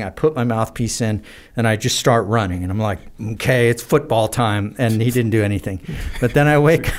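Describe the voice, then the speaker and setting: American guy spinning wild stories, lots of uh and you know, mid-pitched voice. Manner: rambling, animated anecdotes with many fillers and laughs. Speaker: guest. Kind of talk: casual storytelling in a podcast interview.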